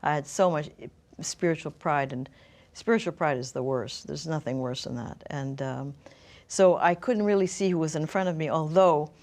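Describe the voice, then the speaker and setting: A middle-aged woman telling her personal story as an interview guest, thoughtful and searching for words. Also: low voice.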